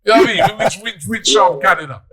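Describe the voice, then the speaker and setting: A man's voice: sits high, quick pace. A man hosting a casual football chat show, bantering and joking with his co-hosts. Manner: lively, jokey banter. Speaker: show host.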